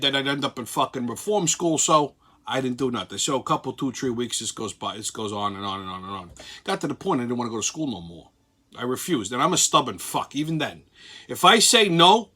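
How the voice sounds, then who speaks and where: A middle-aged Brooklyn man with a New York accent hosts a show, telling a profane story with brash swagger. His voice sits a little high and has a sharp tone.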